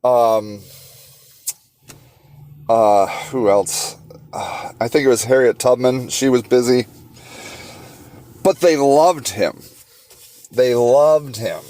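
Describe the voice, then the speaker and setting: A man hosting a solo podcast, talking with passion and sarcastic rhetorical questions, halting often with fillers and restarts. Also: mid-range voice, dark tone. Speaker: podcast host.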